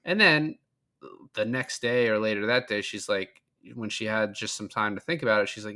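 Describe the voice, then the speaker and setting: A man's voice: fairly low pitch, animated, moderate pace, pushed and bright. A man co-hosting a film podcast, chatting casually and profanely as he retells scenes. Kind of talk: casual film review chat.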